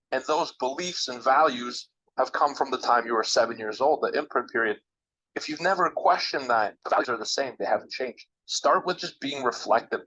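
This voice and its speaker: A man's voice: mid-range voice, pushed and bright. Emphatic man coaching listeners, dull sound. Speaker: interviewed trader guest. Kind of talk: motivational advice in a podcast interview.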